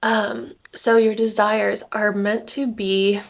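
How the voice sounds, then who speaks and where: Gravelly-voiced young woman rambling about spirit. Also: medium pitch, little pitch movement, takes it slowly. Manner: rambling, lots of "like" fillers, laughs often. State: slightly congested from just waking up. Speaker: spiritual content creator. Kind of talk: casual spiritual vlog talk. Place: rented home indoors.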